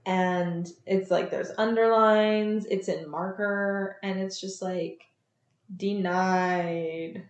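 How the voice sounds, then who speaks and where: A woman's voice: medium pitch, slow pace, few pauses, reverberant, lo-fi sound. A woman co-hosting a podcast, chatting casually as she recaps a TV episode and acts out the characters' lines. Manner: chatty, animated, acts out quotes. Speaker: podcast co-host. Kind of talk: casual chat recapping a show.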